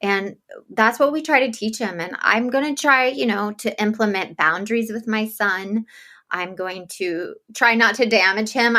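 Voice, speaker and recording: Interview guest: a woman with a bright voice, animated storyteller, casual chat. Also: medium pitch. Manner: animated storytelling, laughs often. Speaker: podcast host as guest.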